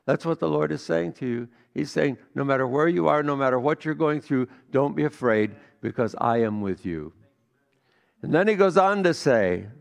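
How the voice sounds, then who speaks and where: Gravelly-voiced pastor preaching a sermon. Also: male voice, on the high side. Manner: storytelling, swings from hushed to emphatic.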